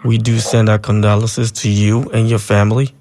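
A man hosting a call-in radio show, reading out listener texts and taking calls, relaxed and loose with frequent ums. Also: on the low side, normal speed. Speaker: radio talk show host.

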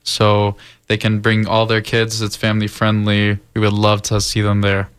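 Brief: man, low flat smooth voice, calm guest answers. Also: moderate pace. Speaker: event organizer guest.

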